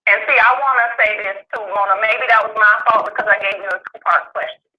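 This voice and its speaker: A woman speaking in a casual call-in chat, halting and repeating words as she thinks. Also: medium pitch, fairly even intonation. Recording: dull phone-line audio.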